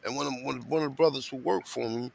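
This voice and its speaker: A man's voice: medium pitch, fast talker, creaky, low-quality recording. A man with a New Jersey accent, talking casually and streetwise on a livestream, often asking "you know what I'm saying".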